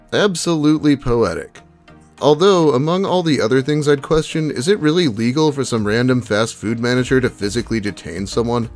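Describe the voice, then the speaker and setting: Male host, reads posts with lively pitch, dry sarcastic commentary, faint music underneath. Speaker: YouTube host reading Reddit posts. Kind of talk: reading posts aloud with commentary.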